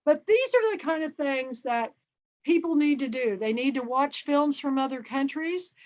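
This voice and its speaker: A middle-aged woman from Kansas hosting a club chat, telling a story in a lively, chatty way over a video call. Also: sits high, normal speed. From Kansas, USA. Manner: chatty, lively storyteller who acts out dialogue. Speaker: book and film club host. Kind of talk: casual chat with anecdotes. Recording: dull, muffled audio.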